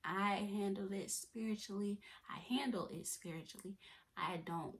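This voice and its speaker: A young woman, telling her own story to the camera. She talks in a soft, often near-whispered voice at a mid pitch. She is chatty and repeats and restarts her phrases. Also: moderate pace. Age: 20s. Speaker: vlogger. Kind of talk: personal testimony vlog.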